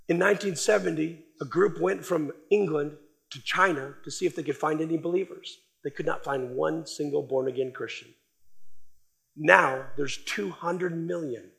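A man preaching a sermon, emphatic, with loud stressed words that drop to quiet trailing phrases. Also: sits high, gravelly.

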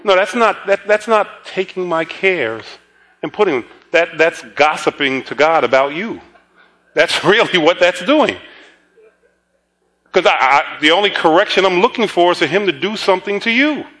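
Guy preaching to his church, bright higher voice, laughs as he goes, repeats himself a lot. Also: animated, normal speed. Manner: storytelling, chuckling asides, repeats words. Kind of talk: conversational sermon.

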